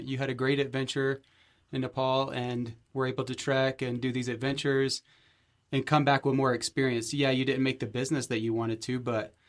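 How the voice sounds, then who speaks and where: A man with an even, middle-pitched voice and a flat, narrow melody. As host, he reflects back his guest's story and affirms its lesson in plain, steady talk. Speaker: podcast host. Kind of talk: interview chat.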